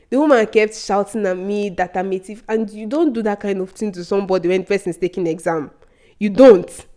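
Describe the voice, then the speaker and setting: A young woman tells a story from her school days. She is animated and laughs often, and her voice jumps high whenever she acts out what was said. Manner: animated, laughs often, voice leaps up for quoted outbursts. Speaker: vlogger. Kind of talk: casual storytelling.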